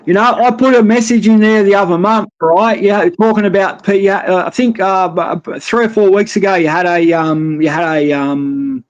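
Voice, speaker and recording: A man's voice: high voice, steady tone, moderate pace, hardly any pauses, dull audio. An Australian man telling his own story on a live stream, rambling and blunt with plenty of swearing. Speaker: guest caller. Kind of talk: casual live-stream chat.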